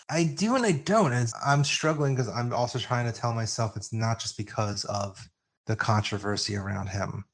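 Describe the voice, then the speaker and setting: A man co-hosting a music podcast, chatting casually and getting excited and openly emotional. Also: medium pitch, moderate pace. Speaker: podcast co-host. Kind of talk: casual music debate chat. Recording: remote call, own mic.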